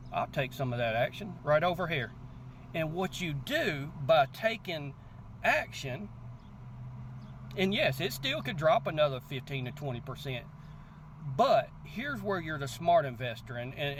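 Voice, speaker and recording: Animated man talking crypto outdoors. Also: on the high side, slight background noise. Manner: animated storyteller, repeats "guess what" and acts out quotes. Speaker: crypto channel host. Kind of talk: casual motivational talk to camera.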